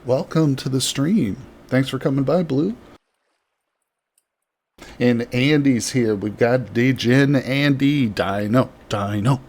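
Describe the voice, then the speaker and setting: A man's voice: medium pitch, takes it slowly, a little mellow, breathy edge. Chatty joking male game streamer. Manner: jokey, rambling and chatty. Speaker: livestreamer. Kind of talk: live gameplay commentary chatting with viewers. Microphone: microphone very close to the mouth.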